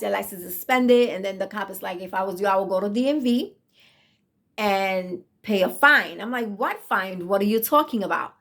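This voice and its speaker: A woman's voice: mid-range voice, creaky, fairly bright tone. A woman in her thirties earnestly telling a personal faith testimony in a casual, emotional way, repeating herself for emphasis. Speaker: vlogger sharing a testimony.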